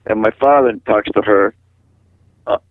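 An older man from Massachusetts, a radio guest telling a rambling personal story in a halting way, often repeating words. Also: lowish voice, no room sound. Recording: tinny phone line on radio.

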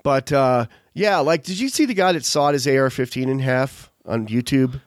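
A man's voice: mid-range voice, moderate pace, dry recording. A man hosting a show, chatting casually in a rambling, digressive way full of fillers. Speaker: podcast host. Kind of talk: casual chat.

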